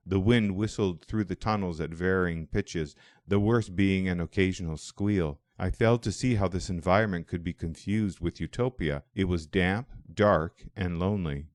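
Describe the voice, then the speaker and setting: A man narrating a first-person audiobook in a measured, reflective way. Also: low-pitched, a little mellow, no echo, clean studio sound.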